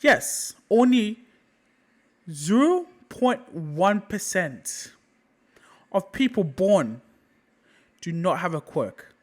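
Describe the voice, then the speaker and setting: Guy telling a fan story off the cuff, slow and halting, repeats himself, pitch all over. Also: sing-song, low-quality recording. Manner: halting, repeats phrases, casual. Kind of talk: improvised fan-story narration.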